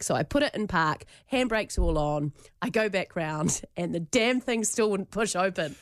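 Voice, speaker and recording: Lively woman telling a story. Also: fairly low pitch, normal speed, hardly any pauses, no room sound, clean studio sound. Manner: animated, laughing, acts out quotes. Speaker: radio breakfast show co-host. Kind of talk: casual chat, storytelling.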